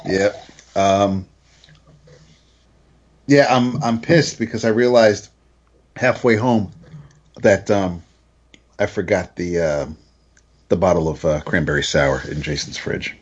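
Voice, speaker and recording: A man's voice: sits low, takes it slowly, long pauses, slightly rough, highs cut off. A man co-hosting a casual podcast chat from home, rambling and hesitant with frequent restarts. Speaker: podcast co-host. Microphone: home mic, moved around.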